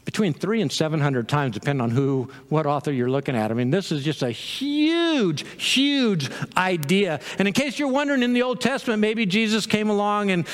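A man preaching a sermon as pastor, animated, with laughs and quick quoted asides. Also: high-pitched, in a large hall.

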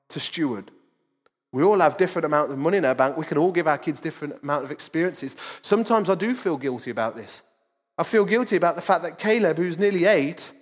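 A man, preaching a sermon as lead pastor in a casual, joking, self-deprecating way. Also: a little high. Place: church auditorium. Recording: large church hall with long reverb.

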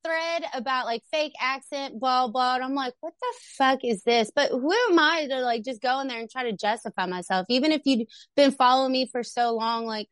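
High-voiced, profane Southern woman, dry sound. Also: a little fast, few pauses, a bit bright, smooth, no echo. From Florida. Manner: blunt, profane, laughing. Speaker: podcast co-host. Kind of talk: casual chat.

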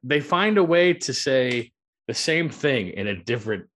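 A man co-hosting a comedy podcast, complaining in a wry, deadpan way with frequent swearing. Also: medium pitch, a little slow, slight background noise. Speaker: podcast co-host. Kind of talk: casual comedic chat.

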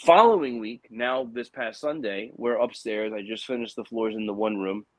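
Podcast co-host, thirties, male; animated, filler-heavy storyteller, dry recording. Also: on the low side, normal speed, no room sound. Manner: animated storyteller, many fillers like "like" and "you know". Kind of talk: casual chat.

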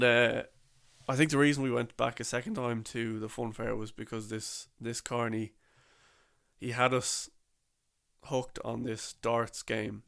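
A man's voice: mid-range voice, gravelly, a bit bright. A young man telling a rambling, casual story about a trip, full of slang and restarts.

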